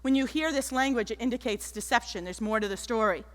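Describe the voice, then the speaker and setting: A woman giving an animated keynote talk on stage, telling stories and acting out the people in them. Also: a little high, quick pace. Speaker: keynote speaker. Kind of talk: motivational stage talk with storytelling. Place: large auditorium stage. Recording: echoey auditorium.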